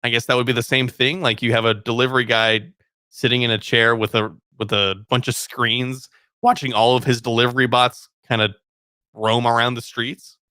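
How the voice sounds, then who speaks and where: A man's voice: medium pitch, level tone, normal speed, bright, forceful tone, clear, resonant tone, no echo, clean studio sound. A young man co-hosting a casual morning talk show, joking and laughing often and stumbling over his words. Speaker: co-host. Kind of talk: casual chat.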